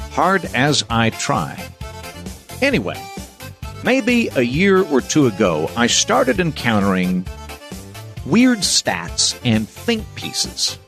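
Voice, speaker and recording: A man's voice: mid-range voice, a bit bright. A man hosting a podcast, delivering a scripted monologue in a wry, sardonic way. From United States. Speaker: podcast host.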